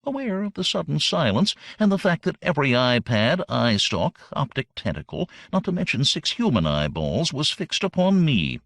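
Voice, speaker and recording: A man's voice: on the high side, moderate pace, vocal fry, few pauses, dry recording, clean studio sound. A man narrating a comic science-fiction audiobook in a wry storytelling manner. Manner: wry, animated storytelling with acted character voices.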